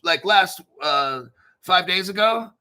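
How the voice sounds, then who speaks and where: A man's voice: high voice, animated, takes it slowly, bright, forceful tone. A man hosting a crypto channel, rambling casually with profanity, jokes and self-mockery. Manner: profane, joking, self-mocking and digressive.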